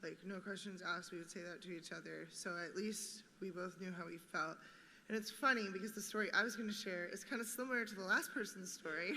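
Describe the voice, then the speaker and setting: A young woman speaking at a memorial on stage, animated, acting out her friend's words and laughing. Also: medium pitch, fairly quick. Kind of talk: personal storytelling. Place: large theater stage. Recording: long reverb in theater, faint background noise.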